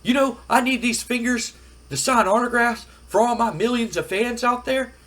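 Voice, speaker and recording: A man doing a high, loud impression of a boastful, whiny wrestler in a wrestling video game playthrough. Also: animated, unhurried, heavily acted. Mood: pleading. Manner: loud, high-pitched and pleading.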